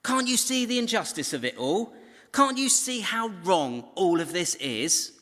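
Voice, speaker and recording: A man's voice: high-pitched, sing-song, unhurried, fairly bright tone, pitched above the performer's own voice, heavily acted. A man voicing an exasperated, overworked woman who complains indignantly that her sister won't help. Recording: long hall reverb.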